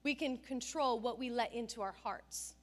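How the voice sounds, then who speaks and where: A middle-aged woman pastor with a high voice delivers a sermon. She tells stories with lively energy and acts out the lines she quotes. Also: moderate pace. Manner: animated storytelling with acted-out quotes.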